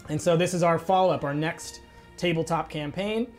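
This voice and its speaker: A man's voice: fairly high pitch, fairly even intonation, normal speed, darkish tone, faint music behind. A man with a nasal voice running a game stream, chatting casually and rambling on a lapel mic in a small room. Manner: chatty, rambling, self-interrupting. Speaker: dungeon master. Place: small indoor stream room with cloth hanging from the ceiling.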